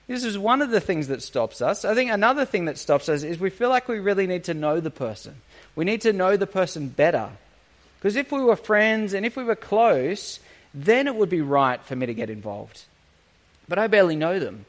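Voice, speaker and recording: A male preacher giving a sermon in an earnest, questioning manner. His voice sits high and moves with wide, lively swings of pitch. He leans on rhetorical questions and the odd dry, sarcastic aside. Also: moderate pace.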